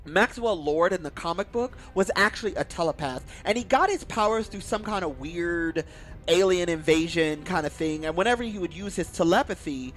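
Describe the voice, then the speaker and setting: A YouTube movie reviewer with a high, light voice gushes about a film he loves, excited, casual, and swearing freely. He acts out lines from the movie while faint music plays underneath.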